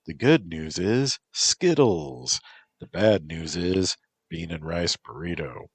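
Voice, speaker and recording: A man's voice: low-pitched, expressive, takes it slowly, slightly rough, no room sound, full character voice. A man voicing a bossy, tough young female soldier who gives orders and teases. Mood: firm. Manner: commanding, teasing.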